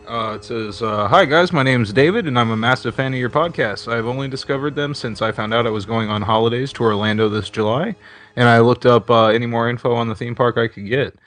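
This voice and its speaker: A man's voice: mid-range voice, fairly quick, fairly bright tone, soft background music. A man co-hosting a casual podcast, laid-back and plain-spoken. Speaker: podcast co-host.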